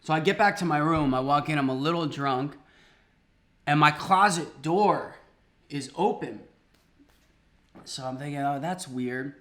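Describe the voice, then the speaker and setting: A man hosting a cooking video, telling a comic story in an animated, conversational way and laughing often, in a home kitchen. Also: a little high, measured pace, pauses often. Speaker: host.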